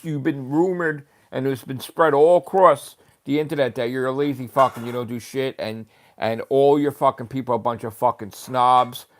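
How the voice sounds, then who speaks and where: A man streamer in an angry, profane livestream rant. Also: medium pitch.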